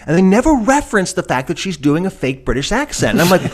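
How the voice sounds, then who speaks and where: A man co-hosting a podcast, chatting in an animated, rambling way full of fillers and quick mimicked voices. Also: high voice. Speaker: podcast co-host. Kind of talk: casual chat.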